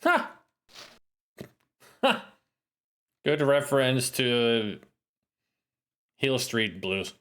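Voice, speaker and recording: A man's voice: medium pitch, drawn-out words, long pauses. A man streaming a retro adventure game, chatting and joking casually as he plays. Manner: chatty, animated, jokey. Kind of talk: casual let's-play commentary.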